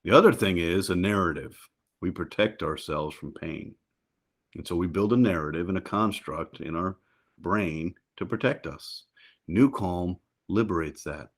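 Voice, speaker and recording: A middle-aged man talking as a guest on a podcast, lively and quick to jump up in pitch when he tells a story. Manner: animated, jumps up in pitch when telling stories. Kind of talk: casual interview chat.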